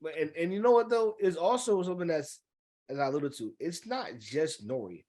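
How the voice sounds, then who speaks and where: Male podcast co-host; high, very animated delivery, opinionated and riffing. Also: brisk. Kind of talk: casual chat.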